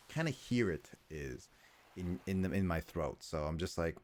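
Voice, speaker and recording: A man's voice: sits low, expressive, brisk. A man livestreaming a game from home, chatting casually in a rambling, stop-start way with his viewers. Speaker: livestreaming gamer. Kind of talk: casual chat while playing. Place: home room, fan running.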